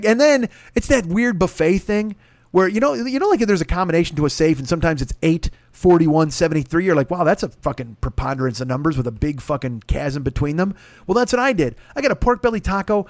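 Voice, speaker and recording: A man's voice: on the high side, no echo. A man telling a long comic story on a podcast, swearing constantly and acting out what other people said.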